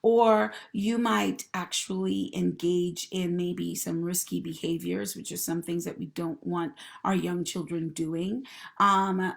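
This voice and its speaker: A woman's voice: on the low side, vocal fry. A woman therapist hosting a live-streamed advice talk, encouraging viewers and greeting commenters by name. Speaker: host and mental health professional.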